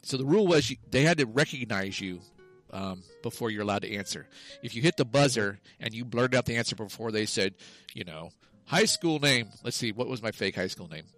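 A man's voice: medium pitch, lively intonation, a little fast, fairly bright tone, soft background music, low-quality recording. A man co-hosting a casual comedy podcast, telling a long story that he keeps correcting mid-way and laughs at himself. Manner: rambling, self-correcting, loses the thread and laughs at himself. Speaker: podcast co-host.

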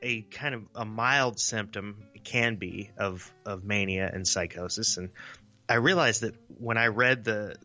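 A man's voice: lowish voice, measured pace, bright, forceful tone, faint music behind. A man in his forties co-hosting a casual podcast, rambling and self-deprecating, swearing freely. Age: 40s. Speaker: podcast co-host.

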